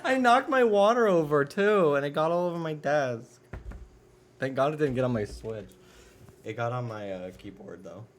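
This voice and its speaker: A man streaming a game from his room at home, chatting casually, swearing freely and often breaking into loud laughter. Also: mid-range voice, moderate pace, a little hiss or hum. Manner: profane, laughs loudly, rambling asides. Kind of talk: casual gaming stream chat.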